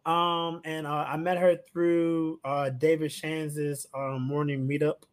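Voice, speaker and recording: A man hosting a casual podcast interview, playful and animated, with eager interjections. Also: fairly high pitch, slow. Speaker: podcast host.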